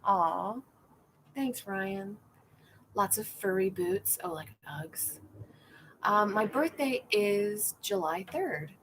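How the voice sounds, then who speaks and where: A woman's voice: mid-range voice, lively intonation, takes it slowly, slight background noise. A middle-aged woman chatting casually and rambling, reading viewer comments aloud and acting out the people in her stories. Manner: rambling, self-deprecating, acts out quoted people. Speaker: comedian hosting a livestream.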